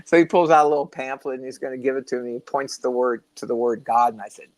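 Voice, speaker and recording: A man's voice: mid-range voice, fast. An older man, co-host of a spiritual talk show, telling rambling stories in casual chat and now and then losing his train of thought. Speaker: podcast co-host.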